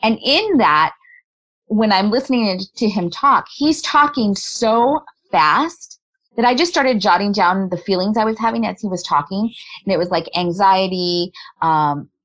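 Woman coaching on body language, lively and chatty, mid pitch, laughs a lot. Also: measured pace, poor audio. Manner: explanatory, animated, laughs often. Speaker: body language specialist, guest. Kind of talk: conversational interview.

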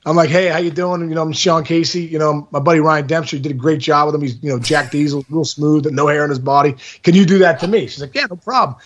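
A man in his forties hosting a podcast, telling a story in casual chat, excitable and exaggerating, laughing at his own tale. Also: on the high side, fast, hardly any pauses, muffled recording, slight background noise. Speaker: podcast host.

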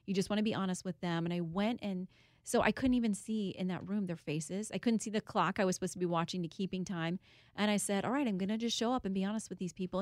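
A woman's voice: mid-range voice, darkish tone, dry recording. Woman, candid storyteller, earnest, dry studio sound. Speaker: guest, author and TV host. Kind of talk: interview.

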